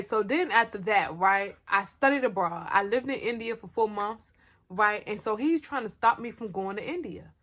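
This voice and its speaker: A young woman with a medium-pitched, slightly bright voice narrates a personal story for her storytime vlog. Her delivery is blunt and slangy, candid and aimed straight at viewers, with plenty of self-mockery.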